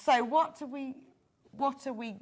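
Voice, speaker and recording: A woman's voice: high voice, measured pace. A woman from Bath presenting products on a live shopping channel, chatty and gushing, laughing often as she talks. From Bath, England. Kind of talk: live TV sales chat. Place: TV studio.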